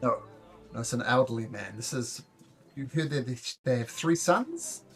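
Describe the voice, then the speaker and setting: A man's voice: medium pitch, animated, a little slow, faint music behind. A man narrating a tabletop game as game master, in a loose, jokey way.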